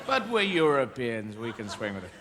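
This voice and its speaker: A man's voice: mid-range voice, very animated, normal speed. A man doing a rambling, whimsical stand-up routine with playful voices. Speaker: stand-up comedian. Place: large theatre stage. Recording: live hall with loud audience noise.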